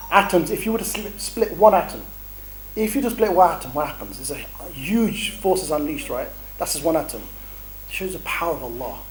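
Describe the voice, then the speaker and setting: A man's voice: high voice, darkish tone, rough recording. A man giving a chatty, bantering training talk to a group, telling stories and dropping Arabic phrases. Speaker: dawah instructor.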